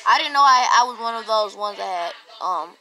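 A woman's voice: medium pitch, animated, fairly quick, pushed and bright, low-quality recording. A young woman giving casual, jumpy commentary while playing a video game, often yelping when startled. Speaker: gaming vlogger.

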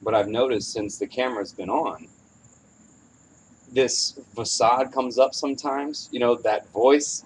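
A man's voice: medium pitch, measured pace, low-quality recording. A man in the middle of his voice range chats casually as a podcast host, wandering through his thoughts and swearing freely. Faint crickets and insects hum behind him. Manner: candid, rambling, swears freely. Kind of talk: casual chat. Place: outdoors on a porch at evening.

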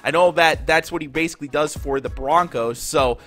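A man's voice: fairly high pitch, fairly quick, fairly bright tone, soft background music. Stuffed-up young man chatting over gameplay. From Minnesota, USA. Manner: casual, chatty, addresses viewers as guys. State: congested, nasal. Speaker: gaming YouTuber. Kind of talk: pack opening commentary.

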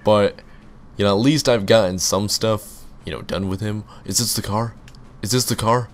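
A man's voice: lowish voice, moderate pace, a little hiss or hum. A young man commenting on his own gameplay, rambling and breaking into panicky outbursts. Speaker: gaming YouTuber. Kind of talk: let's play commentary.

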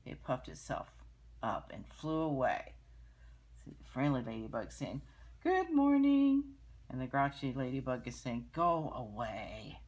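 An older woman reading a picture book aloud to children, gently pointing out the pictures and explaining them as she goes. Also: rumbling low, steady tone, normal speed.

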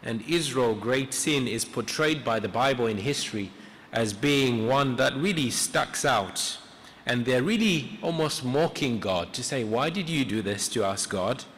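A man preaching a sermon in a church, retelling a story in an earnest, reflective way with pauses. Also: medium pitch, fairly bright tone. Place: church sanctuary. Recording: echoey church hall.

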